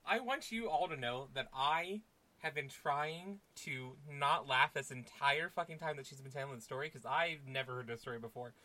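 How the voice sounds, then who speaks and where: A man's voice: medium pitch, normal speed, pushed and bright, low-quality recording. A man chatting casually on a podcast, dry and laid-back, swearing now and then. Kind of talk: casual chat.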